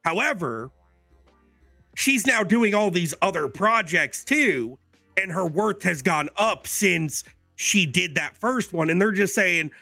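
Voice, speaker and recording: Male podcast co-host, rambling explainer, gravelly and bright, dry mic. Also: high voice, animated, takes it slowly, no echo, soft background music. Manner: rambling, filler-heavy explaining. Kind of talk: casual podcast chat.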